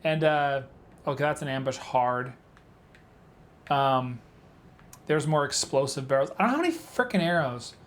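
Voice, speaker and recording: A man's voice: mid-range voice, animated, a little slow, long pauses. Rambling man gaming. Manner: rambling storyteller, heavy filler words. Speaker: let's play gamer. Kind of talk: casual gameplay commentary.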